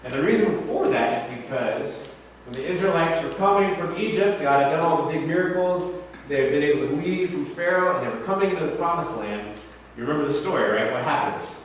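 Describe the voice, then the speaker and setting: Speaking briskly with a fairly high pitch, a male pastor gives a relaxed, joking sermon in a church sanctuary and regularly turns questions to the congregation. The recording picks him up from far away in an echoey hall, with slight background noise.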